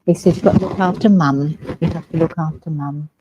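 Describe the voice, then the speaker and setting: An English woman giving a mediumship demonstration in a village hall, talking gently and reassuringly and often checking in with "all right?". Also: low-pitched, fairly even intonation, fairly quick, lo-fi sound, background noise.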